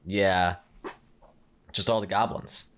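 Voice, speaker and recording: A man with a very low voice chats casually on a podcast. He rambles through his idea with many fillers and restarts, acting out little quoted voices along the way. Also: steady tone, takes it slowly, over a noisy crowd. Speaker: podcast co-host. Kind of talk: casual chat.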